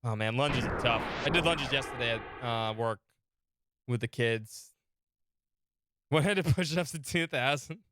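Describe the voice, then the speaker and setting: A man's voice: medium pitch, unhurried, long pauses, a bit bright, no room sound. A man streaming a game, chatting casually, joking and counting along. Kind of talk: casual game livestream commentary.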